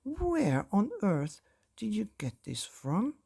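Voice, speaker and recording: Male reader voicing a put-upon father in a bedtime storybook, spluttering and indignant, raspy edge. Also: high-pitched, huge pitch swings, takes it slowly, mellow, pitched above the performer's own voice, full character voice. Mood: incredulous. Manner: spluttering, exasperated. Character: flustered put-upon father, middle-aged man.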